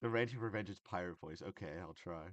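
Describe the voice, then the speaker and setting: A man hosting a podcast in casual reaction chat, halting and restarting as he thinks aloud and reads chat. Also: low-pitched, lo-fi sound, a crowd in the background. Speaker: podcast host.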